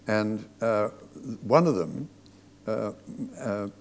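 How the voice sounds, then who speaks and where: A man's voice: fairly low pitch, lively intonation, slow pace, vocal fry, in a large hall. An older man, a theatre director, telling anecdotes with dry humour in an onstage talk.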